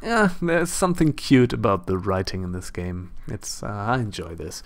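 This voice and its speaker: This let's play host has a German accent and a fairly low, expressive voice delivered at a moderate speed. His commentary is casual and chatty, full of spoken-aloud thoughts and jokes at his own expense.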